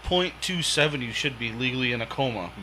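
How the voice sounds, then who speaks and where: A man talking casually as a podcast guest, relaxed and profane. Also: medium pitch, fairly quick, slight background noise, rough recording. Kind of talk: casual chat.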